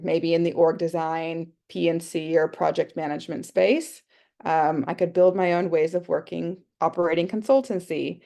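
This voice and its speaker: An Australian woman with a low-ish, creaky, warm voice presents an online workshop over a video call. Her talk is casual and chatty, and she thinks aloud with plenty of fillers.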